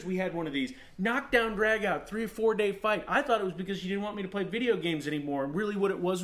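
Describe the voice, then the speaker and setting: A man in his thirties preaching a sermon as pastor, telling stories with animated, acted-out outbursts. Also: high-pitched. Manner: animated storytelling, acts out his own rants.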